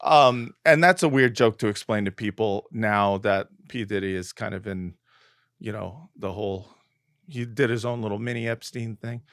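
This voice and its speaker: A man's voice: fairly low pitch, normal speed, a bit bright, no room sound, studio quality. A man co-hosting a casual comedy podcast, joking around and rambling with plenty of fillers. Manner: jokey, rambling, lots of fillers. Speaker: podcast co-host.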